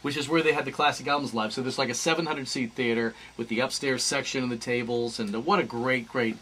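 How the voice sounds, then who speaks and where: A man's voice: mid-range voice, fairly even intonation, quick pace, bright, forceful tone, slight background noise. A man hosting a live morning radio show in a studio, chatty and upbeat, with filler words. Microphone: studio microphone.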